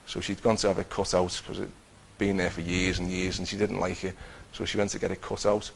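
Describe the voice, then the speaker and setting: A middle-aged man telling his personal Christian testimony in an earnest, halting way, with many restarts. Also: deep voice, flat delivery, gravelly, a little hiss or hum, poor audio. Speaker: Christian teacher giving testimony.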